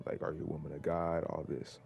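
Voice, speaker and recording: In a flat, creaky bass voice with a darkish tone, a teenage vlogger talks fast as he casually recounts a rambling personal story to camera. He keeps saying "like" and starting sentences over.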